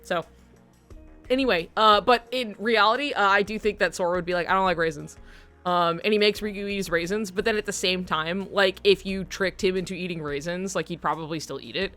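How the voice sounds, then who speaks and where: A woman's voice: mid-range voice, a little fast, fairly bright tone, faint music behind. A young woman streamer chatting casually while she plays, rambling with lots of fillers and frequent giggles. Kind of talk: casual chat while gaming.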